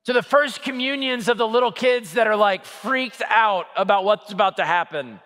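A man in his thirties, a Catholic priest, preaching a sermon with lively, humorous storytelling. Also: high-pitched, moderate pace. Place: church. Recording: echoey church hall.

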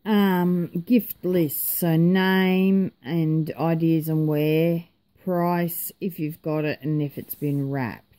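A woman's voice: deep voice, fairly even intonation, slow pace, warm tone. A tired woman vlogger in casual, rambling chat, joking at her own expense and yawning now and then. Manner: chatty, rambling, self-mocking.

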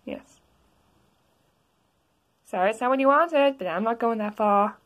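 A woman's voice: fairly high pitch, measured pace, a bit bright. A woman talks casually as a video creator, giggling and apologizing while she introduces a dare acted out with plush toys.

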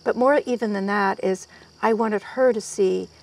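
A woman guest in an interview, telling stories in a lively way and quoting people as she goes. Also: medium pitch, moderate pace, vocal fry. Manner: lively storyteller, quoting others in their voices. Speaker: guest herbalist. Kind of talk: storytelling in an interview.

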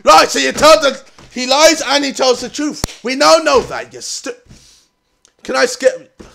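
A young man doing excitable gaming commentary, shouting, swearing and laughing in frustration as he plays. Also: very high voice, a little slow, vocal fry, a little hiss or hum. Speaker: gaming video host. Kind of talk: let's-play commentary.

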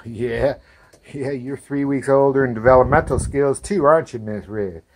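A man's voice: medium pitch, normal speed. A man with a drawl chats casually outdoors on a back porch. He talks to his puppies in a coaxing, sing-song way. Faint outdoor noise sits under his voice. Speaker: dog breeder showing puppies. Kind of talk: casual chat to camera and puppies.

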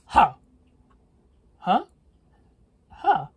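Big Bad Wolf, gloating hungry storybook father wolf, voiced by a slow, breathy reader. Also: mid-range voice.

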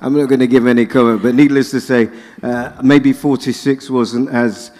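A man's voice: mid-range voice, steady tone, moderate pace, darkish tone. A man hosting a live interview at an event, jokey and chatty with lots of restarts. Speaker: host. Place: indoor event venue with audience. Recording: reverberant event hall.

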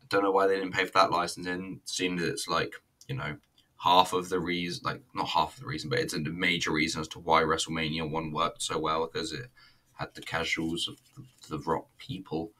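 A man's voice: low-pitched, little pitch movement, a little fast, sharp tone. A man giving a casual, rambling, profane and self-mocking review of a wrestling show. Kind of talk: casual solo review commentary.

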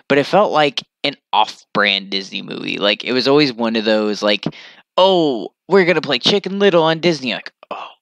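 A young man ranting casually to camera as a vlogger, animated and rambling, swearing freely. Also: mid-range voice, clean tone, no echo.

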